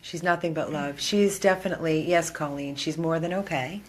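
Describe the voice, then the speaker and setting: A woman's voice: sits low, moderate pace. A woman from an animal rescue, filming indoors on a handheld phone and talking earnestly and emotionally straight to her viewers. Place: indoor room.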